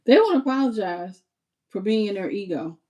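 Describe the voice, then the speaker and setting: A woman giving a live tarot reading. Her voice sits at a middle pitch. She is chatty and expressive and talks straight to her viewers, calling them "baby" and "y'all". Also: brisk, dull audio. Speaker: tarot reader.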